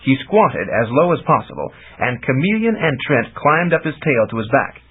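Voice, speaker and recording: Animated male audiobook narrator, husky tone, lo-fi phone-band sound. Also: mid-range voice. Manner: animated storytelling. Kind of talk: scripted narration. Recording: tinny lo-fi audiobook recording.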